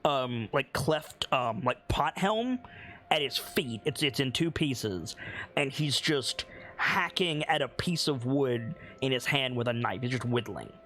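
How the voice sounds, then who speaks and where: A man narrating as game master of a tabletop game, unhurried, with many pauses and restarts. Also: medium pitch, lively intonation, pushed and bright.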